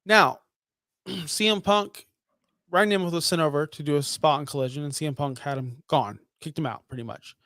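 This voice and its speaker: A man's voice: a little high, moderate pace, fairly bright tone, no echo, clean studio sound. A young man co-hosting a casual wrestling podcast, blunt, profane and full of strong opinions. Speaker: podcast co-host.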